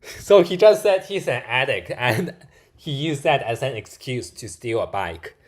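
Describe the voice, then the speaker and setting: A man's voice: medium pitch, lively intonation, measured pace. Chatty man reacting to a video. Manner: chatty, reacts aloud, frequent "like" fillers. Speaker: YouTube reaction host. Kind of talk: casual reaction commentary.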